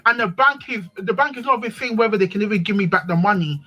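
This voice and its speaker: A woman's voice: medium pitch, fast talker, sharp tone, muffled recording. A woman telling a personal story in casual chat, animatedly acting out what other people said. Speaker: live stream panelist.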